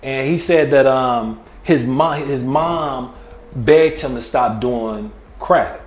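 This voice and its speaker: A man's voice: medium pitch, slow, darkish tone. Laid-back male comedian, roomy sound. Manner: laid-back storytelling with frequent filler phrases. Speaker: comedian guest. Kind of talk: casual interview talk. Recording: roomy echo with faint noise.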